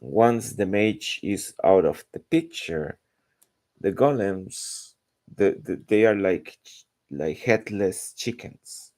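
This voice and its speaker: A man's voice: on the low side, expressive, slow, darkish tone. A man chatting casually while drawing, rambling and searching for words. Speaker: artist narrating his drawing.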